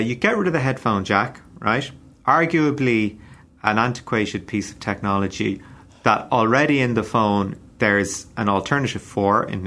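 A man co-hosting a chat show, laying out the other side of the argument in a measured, patient way. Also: medium pitch, bright, forceful tone. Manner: measured, patient, plays devil's advocate. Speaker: co-host. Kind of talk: casual debate chat.

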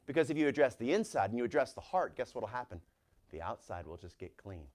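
Animated preaching pastor, middle-aged man. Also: mid-range voice, quick pace. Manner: animated preaching, reads scripture aloud with rising force. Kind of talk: sermon.

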